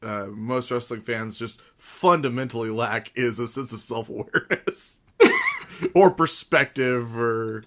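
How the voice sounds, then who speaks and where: A man's voice: medium pitch, wildly swooping pitch, measured pace, fairly bright tone. A man hosting a podcast, chatty and wry, laughing often. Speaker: podcast host. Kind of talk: casual podcast chat.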